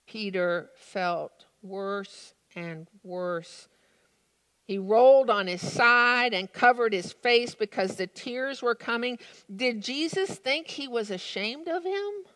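A woman's voice: fairly high pitch, takes it slowly, a bit bright. A woman preaching a sermon, reading a story and then reflecting on it in an earnest, thoughtful way. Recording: long reverb of a large room.

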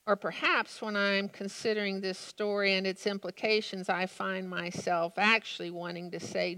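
A woman's voice: medium pitch, flat delivery, normal speed, few pauses, pushed and bright, smooth. A woman preaching a sermon, reading a story and then reflecting on it in an earnest, thoughtful way. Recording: long reverb of a large room.

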